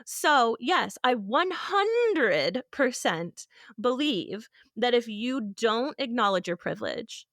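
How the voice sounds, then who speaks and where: A woman's voice: a little high, sing-song, slow pace, a bit bright, no room sound, clean studio sound. A woman co-hosting a podcast, talking about a parenting topic in a fiery, passionate, casual way. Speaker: podcast co-host.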